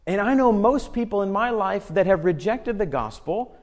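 A male pastor with a notably high voice preaches with earnest conviction. He slows down to read scripture aloud and builds intensity as he drives his points home. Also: animated. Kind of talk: sermon.

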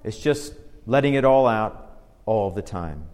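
A male pastor preaching a sermon in a conversational way, slowing down and stressing each scripture verse he reads. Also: lowish voice, animated, darkish tone. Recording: long hall reverb.

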